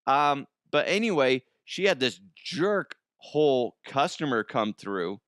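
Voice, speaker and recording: A man in his thirties hosts a comedic news podcast from home, talking in a casual, joking way and laughing often. His pitch swings widely as he talks, and the sound is close and dry with no room around it. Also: sing-song, drawn-out words, long pauses, fairly bright tone, no echo. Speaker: podcast host. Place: home, morning recording.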